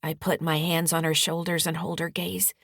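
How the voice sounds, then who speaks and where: A woman author narrating her own mystery-thriller audiobook in the first person, steady and firm in the mother's dialogue. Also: deep voice, moderate pace, no room sound, clean studio sound. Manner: steady storytelling, rising firmly in the mother's lines.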